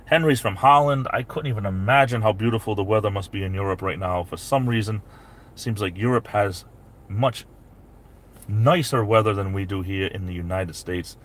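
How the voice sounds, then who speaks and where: A man chats casually on a live stream from inside his parked SUV. His voice sits on the low side, and he rambles easily and greets viewers one by one by name. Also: normal speed, a bit bright. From New England.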